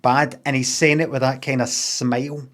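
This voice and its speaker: A man's voice: medium pitch, level tone, moderate pace. A Glaswegian man casually telling a rambling, sweary story, acting out what people said in changed voices. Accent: Glaswegian Scottish. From Scotland.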